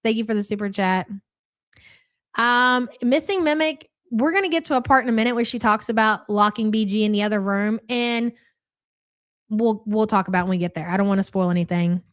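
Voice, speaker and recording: A woman's voice: medium pitch, a little fast, dry recording, studio quality. A woman hosting a live reaction stream, talking casually and bluntly with a sarcastic edge as she answers viewer chats and calls them "hun".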